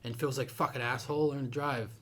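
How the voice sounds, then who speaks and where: A young man co-hosting a podcast, swearing a lot and telling stories with loud acted-out lines. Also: medium pitch, quick pace, a little hiss or hum. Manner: crude, swearing, animated storytelling; acts out angry people with a raised voice. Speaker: podcast co-host. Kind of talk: casual chat.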